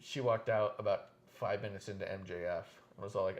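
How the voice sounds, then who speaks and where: A man hosting a casual wrestling podcast, telling stories with lots of swearing and lively animation. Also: on the low side, brisk. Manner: animated, profane storytelling. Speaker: podcast host.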